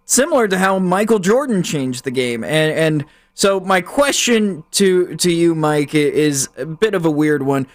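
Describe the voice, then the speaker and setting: A man co-hosting a sports talk show, setting up a question for his co-host in a casual way. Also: a little high.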